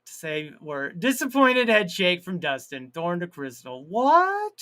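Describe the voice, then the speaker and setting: On his live stream, a man whose voice is on the high side and sing-song chats easily, reading viewers' comments aloud. He laughs at his own jokes, draws words out long, and suddenly gets loud.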